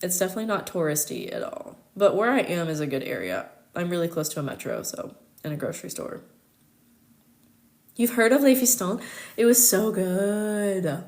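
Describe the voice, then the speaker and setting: Fast-ish and fairly low-pitched, the voice belongs to a young American woman running a casual astrology live chat. Her tone is darkish, her pitch swings widely, and she giggles and leans heavily on fillers as she chats.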